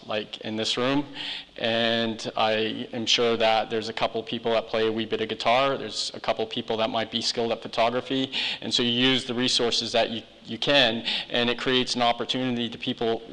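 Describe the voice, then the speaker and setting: A man's voice: mid-range voice, flat delivery, normal speed, bright, forceful tone. A man, a charity founder being interviewed on a live chat show, talking hesitantly with many ums and restarts. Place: live event hall. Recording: long hall reverb.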